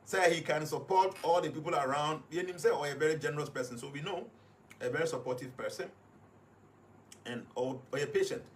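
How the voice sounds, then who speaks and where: A Ghanaian-accented man talks a listener through his reasoning in an emphatic, repetitive way. His voice sits a little high for a man. A faint hum of noise runs beneath it. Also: a little fast. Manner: emphatic, repeats points to stress them. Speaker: guest analyst. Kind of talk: explanatory commentary.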